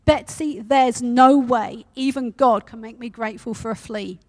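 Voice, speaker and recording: A woman's voice: fairly high pitch, slow pace. Woman putting on a wailing, frightened woman prisoner. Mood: exasperated. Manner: wailing, protesting.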